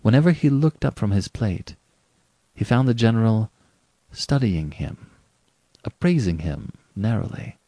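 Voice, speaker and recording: A man narrating a story aloud in an expressive, varied delivery. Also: on the low side, measured pace, long pauses, no room sound. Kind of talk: audiobook reading.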